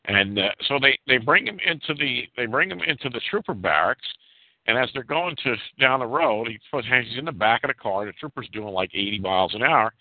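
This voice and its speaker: A man spins a story with a lively, swinging voice and keeps tripping over repeated words. His voice is mid-pitched and comes through a dry, tinny phone line with no room sound. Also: fairly quick, dry recording. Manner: animated, repeats words while acting out the people in his story. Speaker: storyteller on a talk show. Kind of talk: casual storytelling.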